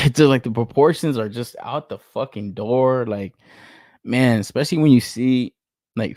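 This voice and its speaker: A man's voice: mid-range voice, dry recording, clean studio sound. A young man hosting a casual podcast, ranting with lots of swearing and laughter, exasperated. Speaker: podcast host. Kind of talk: casual rant about toys.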